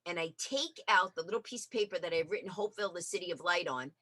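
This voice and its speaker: An energetic woman guest tells her stories in a lively interview chat, acting out each bit of dialogue. Her voice is bright and forceful with a husky edge. The recording is dry and close. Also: fairly low pitch, fast talker, no echo. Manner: energetic storyteller, acts out dialogue.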